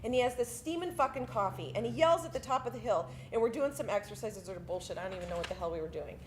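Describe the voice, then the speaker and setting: A woman's voice: medium pitch, animated, fast talker, slight background noise. A woman army veteran telling a story about basic training on a theatre stage, casual and profane. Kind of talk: spoken monologue performance.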